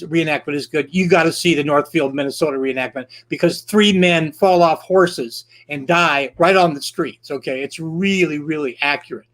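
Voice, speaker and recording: A man tells an old tale in a loose, chatty way. His voice sits a little higher than most men's. He rambles, with plenty of filler words and false starts along the way. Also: fairly bright tone. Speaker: storyteller. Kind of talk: casual historical storytelling.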